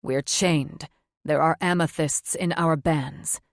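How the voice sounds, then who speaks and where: Dragomir, a woman doing a low gruff male demon wolf. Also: fairly even intonation, slow, dry recording, clean studio sound, exaggerated voice. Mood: urgent, grim.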